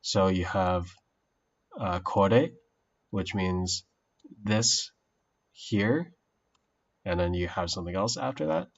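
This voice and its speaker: A man casually streaming his study session, thinking aloud slowly with many pauses and fillers. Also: deep voice, gravelly, lo-fi sound.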